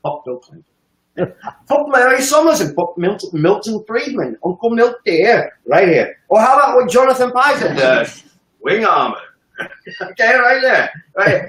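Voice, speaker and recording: A man ranting profanely and emphatically about politics on a live stream, with sharp swings in pitch. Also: very animated, normal speed, roomy sound, rough recording. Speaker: economic analyst on a live stream.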